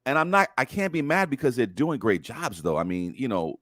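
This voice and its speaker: A man's voice: medium pitch, big pitch swings, fairly quick, a bit bright, no room sound, studio quality. A man co-hosting a casual talk show, who rambles, searches for words and laughs often. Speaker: co-host. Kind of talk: casual chat.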